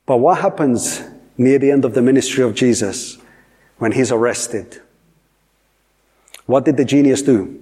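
A male preacher delivers a sermon in a husky, slightly breathy voice. He repeats key lines for weight and keeps putting questions to his listeners. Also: mid-range voice, a little slow, long pauses, warm tone. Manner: repetitive, emphatic, asks the audience questions.

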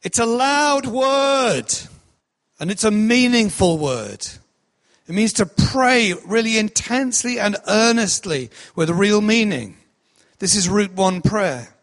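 A man preaching a sermon with a slow, emphatic delivery, sometimes calling out to act out cries. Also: high voice, animated. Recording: long hall reverb.

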